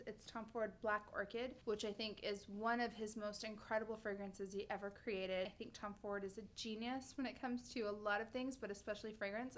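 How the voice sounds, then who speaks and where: A woman's voice: mid-range voice, a little hiss or hum. A woman in her thirties talking casually to camera as a beauty vlogger, gushing with enthusiasm and stumbling over names. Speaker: beauty vlogger reviewing perfumes.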